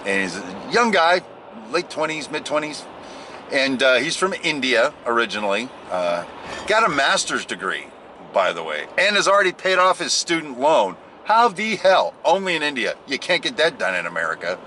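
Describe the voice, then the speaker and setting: A vlogger drives and talks casually to the camera in a rambling, jokey monologue, poking fun at himself. His medium-pitched voice is very animated, pushed and bright, at a normal speed, with a little hiss or hum.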